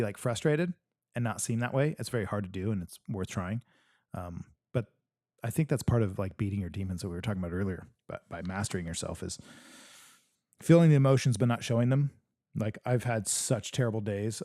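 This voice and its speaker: A man hosts a live stream and talks straight to his viewers, blunt and joking, with plenty of swearing. His voice sits low and sounds warm and relaxed. The sound is dry and close, with no room around it. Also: no room sound. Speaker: podcast host reading live chat. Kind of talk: casual livestream chat.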